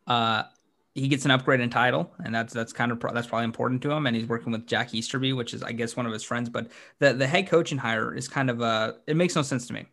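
A man co-hosting a sports podcast, talking casually in a mid-range voice. He gets animated and laughs a lot, and his pitch leaps upward when something excites him. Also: fast. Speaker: podcast co-host.

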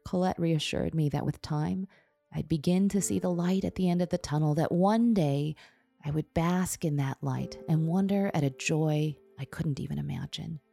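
A woman's voice: low voice, normal speed, vocal fry, mellow, no echo, faint music behind. A woman podcast host reading her memoir aloud in a candid, wry, self-deprecating way, close to the mic. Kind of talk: memoir narration.

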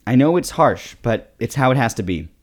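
A man co-hosting a casual comedy podcast, teasing his partner in a dry, deadpan way. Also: mid-range voice, fairly quick. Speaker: podcast co-host.

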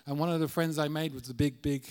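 A man's voice: a little high, fairly even intonation, fast, darkish tone. A middle-aged Irish man preaching as a guest speaker in a church, earnest and conversational, often restarting his sentences. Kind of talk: sermon.

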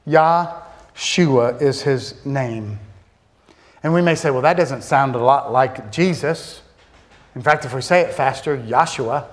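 Pastor preaching in a higher voice. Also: male voice. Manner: conversational preaching, rhetorical questions, voices the congregation's doubts; slows and drops soft on key words for emphasis. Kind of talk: sermon.

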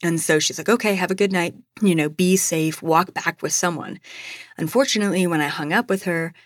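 A woman's voice: on the low side, no echo, clean studio sound. A young adult woman hosting a podcast, telling a personal story in a chatty way, full of "like" and "you know". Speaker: podcast host.

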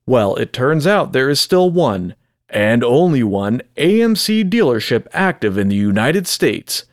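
Chatty man hosting with lively pitch. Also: unhurried, dry recording, clean studio sound. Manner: chatty, self-deprecating, joking. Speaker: podcast co-host. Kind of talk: casual podcast chat and reading out segments.

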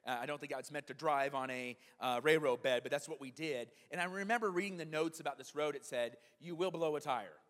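Speaking quickly with few pauses, this male pastor has a fairly bright voice on the high side. His sermon is conversational and full of "right?" tag questions aimed at the congregation, heard through a long hall reverb.

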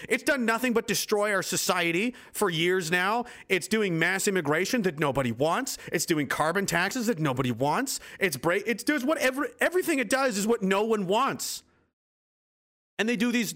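Young man ranting with lively pitch. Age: 20s. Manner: profane, sarcastic, heated. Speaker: livestream host. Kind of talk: angry political rant on a livestream.

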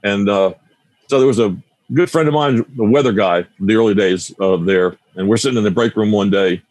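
A man's voice: fairly low pitch, brisk, a little mellow, dry recording. A man in his sixties, a guitar teacher and radio broadcaster, telling stories in a casual interview, rambling and often restarting his sentences.

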